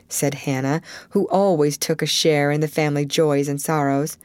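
Woman audiobook reader, lowish voice, dry close sound. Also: fairly even intonation, darkish tone, no echo. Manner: measured storytelling. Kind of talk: scripted narration.

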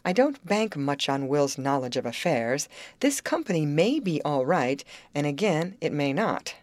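A woman's voice: sits low, very animated, a little mellow, no echo. A woman reading a stern, fond father. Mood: measured. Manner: measured, musing, dryly humorous. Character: stern but fond middle-aged father.

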